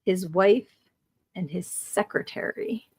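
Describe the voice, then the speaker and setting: A woman in her forties hosting a live stream, chatting casually and reading out viewer comments in a talkative, animated way, with lots of "like" and frequent laughter. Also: lowish voice, slow, husky, no room sound. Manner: chatty and animated, heavy use of "like", laughs often. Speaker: streaming podcast host.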